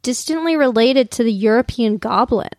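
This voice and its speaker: A woman's voice: on the high side, moderate pace, darkish tone, dry recording. Dry-humored young woman podcast co-host. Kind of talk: casual chat.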